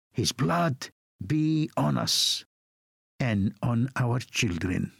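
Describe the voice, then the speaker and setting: A man preaching a sermon, reading scripture in a solemn, measured way. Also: mid-range voice, creaky, fairly bright tone, breathy edge, dry recording, clean studio sound.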